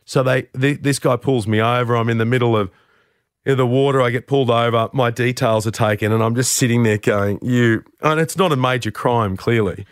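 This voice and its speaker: A man's voice: medium pitch, a little fast, clear, resonant tone, dry recording, studio quality. A man, middle-aged, telling candid, self-deprecating stories in conversation as an interview guest. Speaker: radio host, interview guest. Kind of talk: conversational storytelling.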